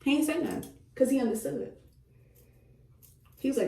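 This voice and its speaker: A woman's voice: high voice, a little fast, gravelly, pauses often, warm tone. Emphatic woman venting in echoey room. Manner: retells talks with her son, quoting him; emphatic, repeats phrases for stress. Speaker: vlogger, mother. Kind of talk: casual venting while cutting hair. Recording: echoey room, mic at a distance.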